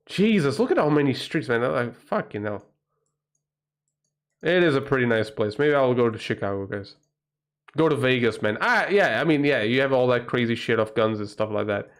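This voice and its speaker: A man's voice: mid-range voice, animated, normal speed. A man from Portugal with a Portuguese accent, a livestream host in a rambling, profane, casual chat who often breaks into exclamations.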